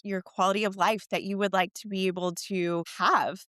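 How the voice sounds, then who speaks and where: A middle-aged woman, a fitness and wellness coach, telling a personal story in a casual interview, chatty and animated, acting out the voices she quotes. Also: mid-range voice, moderate pace, dry recording, studio quality.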